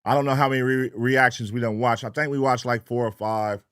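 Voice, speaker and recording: A man from the US West Coast hosting a late-night livestream, loose and profane, reeling off shout-outs to chat viewers in a sing-song way. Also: mid-range voice, fairly even intonation, brisk, clean tone, dry recording, studio quality. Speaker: livestream reaction host.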